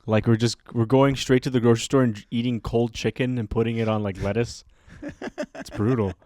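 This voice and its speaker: Brisk and mellow, a Canadian man with a medium-pitched voice and fairly even intonation co-hosts a podcast. He tells stories in casual chat, rambling and hesitating with plenty of fillers, in a studio-quality recording with no echo.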